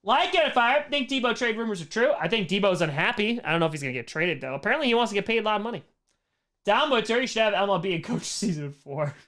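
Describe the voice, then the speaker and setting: A man's voice: high voice, animated, fast talker, a bit bright. A man hosting a casual livestream Q&A, answering chat questions in a rambling way, full of "like" fillers and blunt opinions. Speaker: streamer host answering chat.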